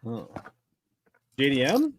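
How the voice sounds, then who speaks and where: A man's voice: medium pitch, wildly swooping pitch, slow pace, slight background noise. A man hosting a casual chat, easygoing and critical, with frequent fillers like "like" and "uh". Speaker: channel host.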